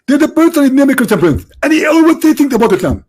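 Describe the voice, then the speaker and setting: A man putting on a shrill excited pestering guy. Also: quick pace. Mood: mocking, excited. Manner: shrill, exaggerated mockery.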